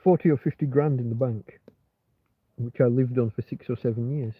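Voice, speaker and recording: A man's voice: medium pitch, fairly even intonation, moderate pace, slightly rough. A man hosting a rambling, casual livestream chat, meandering with many restarts and fillers. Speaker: livestream host. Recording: tinny phone-like sound.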